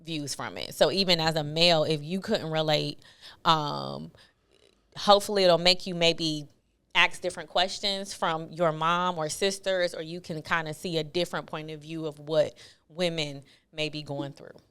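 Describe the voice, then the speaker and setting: A woman hosts a casual movie review chat. Her voice is low for a woman, smooth and resonant. She thinks out loud and feels her way through each point. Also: moderate pace. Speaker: podcast host.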